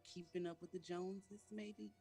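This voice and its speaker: A woman's voice: lowish voice, steady tone, normal speed, dark tone, faint music behind. A woman guest on a radio talk show, chatty and inquisitive, sometimes trailing off mid-sentence. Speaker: guest artist. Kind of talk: casual talk show chat.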